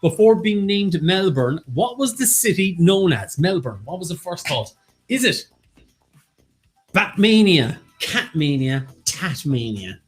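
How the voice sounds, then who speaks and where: A man's voice: high voice, sing-song. Bantering man hosting a quiz. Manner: joking, quick banter, reads out scores. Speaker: quiz host. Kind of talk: casual live-stream quiz chat.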